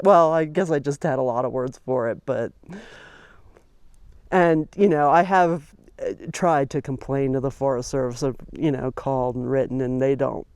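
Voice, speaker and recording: A woman's voice: a bass voice, unhurried, a little mellow, clean tone, no room sound. Middle-aged woman rambling on a trail hike, lots of uhs and restarts, dry close sound. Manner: chatty and rambling, with many fillers and restarts. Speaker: hiking vlogger. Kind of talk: casual narration while hiking. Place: outdoors on a mountain trail.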